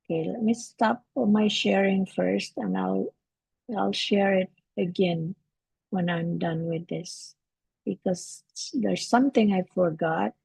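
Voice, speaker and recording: A woman hosting a live English lesson from home, talking in a relaxed, halting way with many fillers and restarts. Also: medium pitch, gravelly, breathy edge, no room sound, poor audio. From Canada. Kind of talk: casual livestream teaching.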